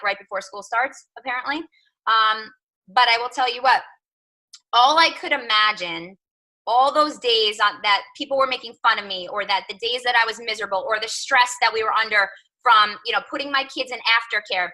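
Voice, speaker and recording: A woman's voice: a little high, bright, forceful tone, rough recording. A woman in her thirties, a coach telling a personal story on a team call, chatty, with lots of "like" and "right?". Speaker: fitness coach.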